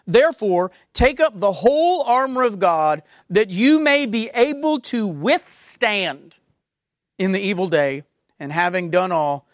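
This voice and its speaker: Animated woman preaching a sermon. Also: fairly high pitch, no echo, clean studio sound. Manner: emphatic, repeats key phrases for force. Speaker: pastor.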